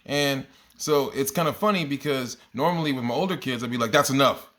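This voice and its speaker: A man's voice: medium pitch, fairly quick. A man who teaches kindergarten, telling stories about his class in a casual video diary, rambling and correcting himself and laughing at his own stories. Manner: rambling, self-correcting storyteller.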